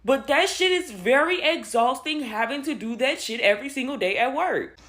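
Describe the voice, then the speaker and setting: A woman's voice: high voice, lively intonation, moderate pace, fairly bright tone. A woman ranting casually to camera, slangy and exasperated, calling the listener "bro". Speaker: social media commentator.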